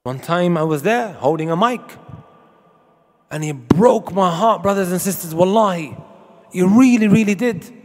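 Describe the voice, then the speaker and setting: Emphatic high-voiced male preacher in a hall. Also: normal speed. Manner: emphatic, rhetorical questions to the audience, quotes Arabic. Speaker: Islamic preacher. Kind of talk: sermon.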